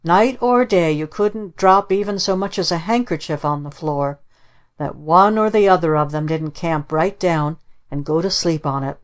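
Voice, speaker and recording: Proud flustered lady, prim and earnest, read by a woman with a low voice. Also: moderate pace, lightly acted.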